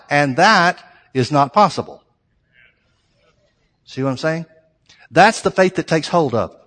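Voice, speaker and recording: A man's voice: on the high side, a bit bright, in a large hall. A middle-aged man preaching a sermon, emphatic and repetitive, building his phrases to strong peaks.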